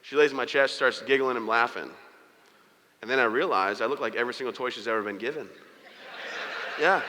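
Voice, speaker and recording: A man's voice: mid-range voice, moderate pace, long pauses, bright, forceful tone, slight background noise. A man giving a motivational speech, telling his story with humor and acting out the voices of the people in it. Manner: storytelling with humor, quoting others in character. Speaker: motivational speaker. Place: large hall before an audience. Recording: reverberant hall.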